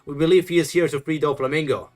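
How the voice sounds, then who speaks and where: Male reader as a stammering young soldier, high and loud. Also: fairly even intonation, faint music behind, lightly acted. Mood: alarmed. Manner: hurried, stammering. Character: flustered young male navy soldier reporting.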